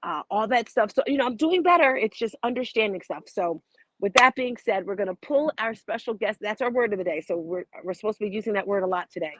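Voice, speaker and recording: A woman's voice: mid-range voice, fast talker, dry recording. Bubbly woman in her fifties hosting. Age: 50s. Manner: bubbly and excitable. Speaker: show host. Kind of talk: morning show video call chat.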